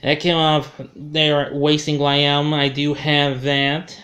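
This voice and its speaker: A man's voice: fairly high pitch, completely flat delivery, slow pace, sharp tone. A man giving a casual film review, rambling and correcting himself as he goes. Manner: rambling, self-correcting, chuckles at his own slips.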